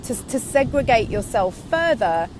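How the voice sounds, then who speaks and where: A woman's voice: a little high, big pitch swings, moderate pace. A woman in her thirties gives a casual, reflective monologue, rambling candidly from one thought to the next. She is slightly breathless from walking outdoors, with faint traffic noise in the background. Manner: candid, rambling, goes off on tangents. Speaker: online business vlogger.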